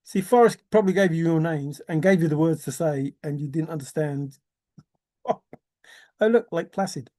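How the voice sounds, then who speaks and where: A man's voice: fairly high pitch, moderate pace, warm tone. A man rambling in a teasing, giggly solo monologue, often laughing and repeating words. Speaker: treasure-hunt video maker.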